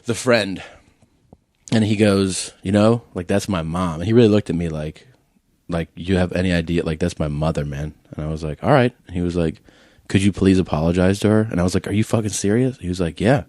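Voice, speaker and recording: A man's voice: deep voice, fairly quick, no room sound, clean studio sound. A man hosting a comedy podcast, telling a story in casual chat and acting out what people said. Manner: animated storyteller acting out quotes.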